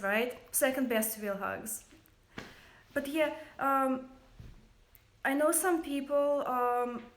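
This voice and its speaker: A woman with a Russian accent hosting a casual livestream from her home kitchen, talking softly and earnestly into a phone camera. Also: a little high, reverberant. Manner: soft-spoken, earnest and chatty. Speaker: livestream host.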